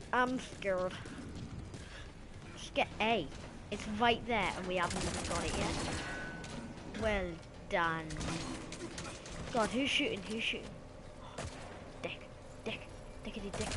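A woman giving excitable live gameplay commentary, yelping and shrieking as the action happens. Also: medium pitch, slow pace, pauses often, background noise. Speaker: gamer streaming live.

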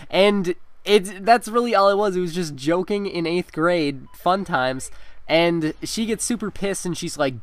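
Chatty young man with a crisp voice. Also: sits high, animated, normal speed, dry recording. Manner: chatty, laughing, many fillers. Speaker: gaming commentator. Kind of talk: casual storytelling over gameplay.

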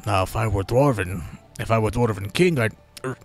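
A man's voice: fairly low pitch, moderate pace, lightly acted. A man doing a drunken dwarf mayor. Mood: blustering drunk. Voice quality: gruff, slurred odd accent, rowdy. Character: drunken grumbling male dwarf mayor, boastful, rude.

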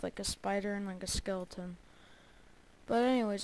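A woman's voice: medium pitch, level tone, normal speed, darkish tone, rough recording. A woman giving casual gameplay commentary, chatty and prone to bursts of panicked repeated cries. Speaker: let's play gamer.

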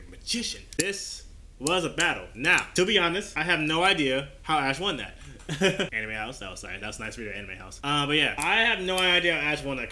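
A man giving excited live reaction commentary to an anime battle, exclaiming and laughing often. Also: fairly high pitch.

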